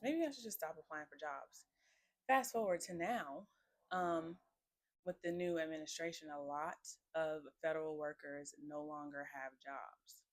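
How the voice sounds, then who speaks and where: A woman's voice: sits low, no echo. Young woman doing a solo podcast at home, chatty, rambly, dry close sound. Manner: chatty, rambling, lots of fillers and laughs. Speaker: podcast host. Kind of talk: casual solo podcast chat.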